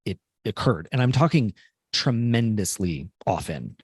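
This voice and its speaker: A man co-hosting a podcast, sharing experiences in a measured, halting way. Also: lowish voice, sing-song, darkish tone, husky, dry recording, studio quality. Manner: measured, halting, frequent affirming murmurs. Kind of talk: reflective podcast conversation.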